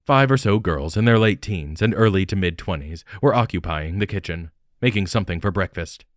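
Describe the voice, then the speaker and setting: A man reading an audiobook as narrator, steady and even. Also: sits low, brisk, no echo, clean studio sound. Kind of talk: scripted narration.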